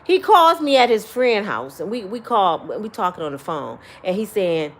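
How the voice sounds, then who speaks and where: Blunt, animated woman giving advice. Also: medium pitch, normal speed, slight background noise. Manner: blunt, preachy, profane storytelling. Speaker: vlogger giving life advice. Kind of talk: casual advice chat.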